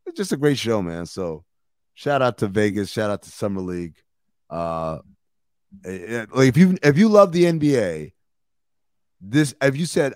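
A man's voice: fairly low pitch, normal speed, no room sound, clean studio sound. A man co-hosting a podcast, telling stories in casual chat with lots of slang and swearing. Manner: animated storytelling, swearing and slang. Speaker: podcast co-host.

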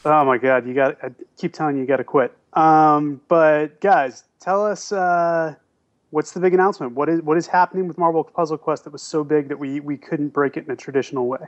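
A man's voice: a little high, steady tone, brisk. A man guest-hosting a podcast segment, friendly and loose as he brings in guests. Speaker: editor guest co-host. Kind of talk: casual chat. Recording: dull lo-fi sound.

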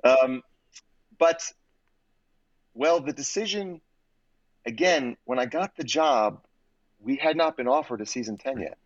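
A man, an actor and guest in an interview, telling stories in an animated and expressive way with frequent restarts. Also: medium pitch, measured pace, pauses often, no echo. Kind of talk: conversational interview storytelling. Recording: slightly dull, dry audio.

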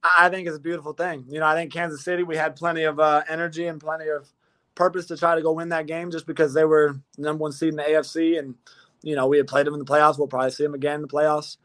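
A young man in his twenties, a football player answering interview questions in a measured, modest way, often restarting his phrases. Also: on the high side, level tone, a bit bright. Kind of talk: casual interview.

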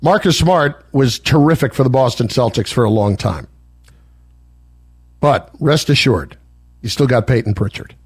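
A man's voice: medium pitch, lively intonation, slightly rough. A male sports talk radio host giving blunt, opinionated takes in a studio. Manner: blunt, opinionated, fast-talking. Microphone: studio microphone.

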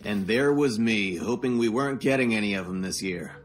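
A man's voice: on the low side, fairly quick, faint music behind, close to an everyday voice. An actor playing a laid-back young man who talks in a casual, joking, slangy way, as audio drama acting.

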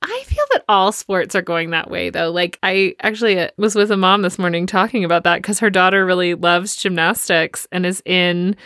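A woman co-hosting a casual chat, talking lively and laughing often. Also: lowish voice, normal speed, hardly any pauses, no room sound. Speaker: podcast co-host.

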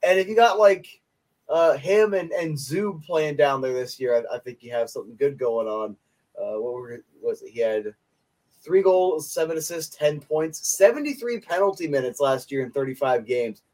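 A young man co-hosting a sports podcast, his voice sitting a little higher than most men's. He talks in a loose, playful way, cracking jokes and breaking into laughter often. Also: animated, moderate pace, a little mellow. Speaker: podcast co-host. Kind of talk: casual chat.

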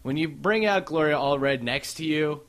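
A man hosting a casual comedy podcast, joking with quick asides and laughing often. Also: a little high, fairly bright tone. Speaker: podcast host.

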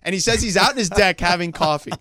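A man's voice: sits high, quick pace, sharp tone, dry recording, studio quality. A man co-hosting a sports talk show, telling a story in a chatty way and checking in with his listeners. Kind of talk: casual anecdote telling.

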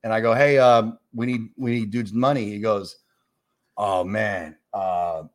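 A man's voice: medium pitch, fairly even intonation, normal speed. A man in his forties, a comedian from New York, telling a story in casual chat. He acts out the voices of the people in it and swears freely. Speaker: comedian guest.

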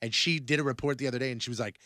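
A man of middle pitch with a bright, forceful voice, chatting loosely on a radio talk show. He rambles along and slips into quick imitations of the people he talks about. The close mic leaves the sound dry. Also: fairly even intonation, no room sound. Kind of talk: casual chat.

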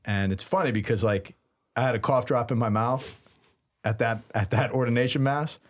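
An animated man in his thirties tells a story on a podcast, quick to laugh and to act out the people in it. He is a priest chatting casually with friends, and his pitch sits in the middle range.

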